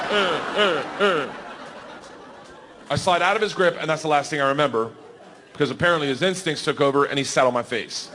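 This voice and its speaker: Stand-up comic, man in his thirties, highish voice, rowdy storyteller; live stage recording with hall reverb. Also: background noise. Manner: loud animated storytelling, yelling bits, laughing through lines. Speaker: stand-up comedian. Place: comedy club stage before a laughing audience.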